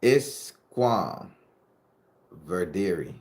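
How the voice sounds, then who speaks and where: A man's voice: sits low, big pitch swings, very slow, a little mellow, echoey room. A middle-aged man from southern Florida chats casually with his live-stream viewers. He tells stories in a loose, joking way and swears freely as he answers their questions. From southern Florida, USA. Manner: loose, profane, joking storyteller talking to chat. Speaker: host of a spooky-story channel.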